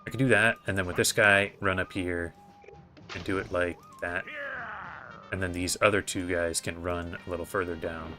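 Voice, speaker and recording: Deep-voiced man thinking aloud while gaming. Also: fairly even intonation, moderate pace, sharp tone, faint music behind. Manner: thinking aloud, hesitant, many fillers. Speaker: gaming video host. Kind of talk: casual gameplay commentary.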